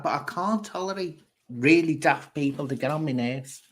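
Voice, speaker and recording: A man's voice: a little high, normal speed. A man hosting a casual livestream, bluntly scolding and answering viewers' comments. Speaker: livestream host.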